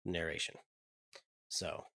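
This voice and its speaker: A man's voice: slow, sharp tone, no echo. A man chatting as a podcast guest, hesitant and trailing off with frequent ums. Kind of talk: casual chat.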